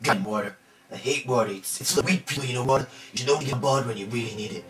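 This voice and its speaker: A man's voice: mid-range voice, very fast, natural voice. A man playing a boastful macho rugby player in an improvised comedy monologue, rambling and full of "like" and "you know". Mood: blustering. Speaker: comic character in an amateur trailer. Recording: roomy amateur video from far off with music.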